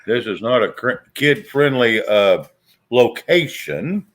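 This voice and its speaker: A man's voice: medium pitch, big pitch swings, slow, a bit bright. A man chiming in with teasing, dry remarks in a casual chat.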